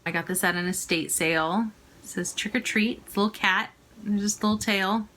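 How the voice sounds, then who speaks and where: A woman in her thirties chatting casually through a thrift haul, rambling with quick asides and little jokes at her own expense. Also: medium pitch, fairly even intonation, a bit bright. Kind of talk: casual chat.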